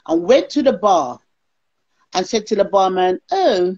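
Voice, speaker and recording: A woman's voice: mid-range voice, a little slow, husky. A woman, telling her story as an interview guest and acting out other people's lines. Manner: animated, acts out others' lines. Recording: lo-fi call audio.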